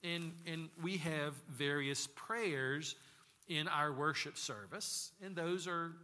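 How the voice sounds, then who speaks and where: A man preaching a sermon as pastor, in an unhurried conversational manner with frequent restarts, in a church sanctuary. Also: on the high side, bright, forceful tone. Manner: unhurried, conversational, repeats words when restarting. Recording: long church hall reverb.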